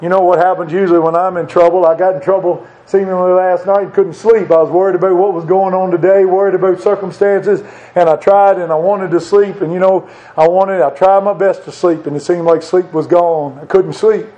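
A man's voice: high voice, steady tone, fairly quick, warm tone, muffled recording. A man preaching a sermon in an earnest, conversational way, repeating short phrases for emphasis.

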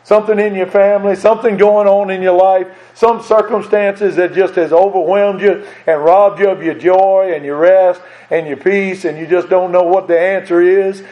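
In a high, steady voice at a moderate pace with few pauses, a man delivers an earnest sermon. He repeats phrases and asks his audience direct questions, captured on a dull lo-fi recording.

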